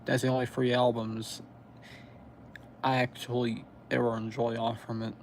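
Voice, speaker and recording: A man with a Southern US accent chatting on a live stream, pausing often as he recalls band names. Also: mid-range voice, flat delivery, a little hiss or hum. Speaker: metal music streamer. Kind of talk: casual live stream chat.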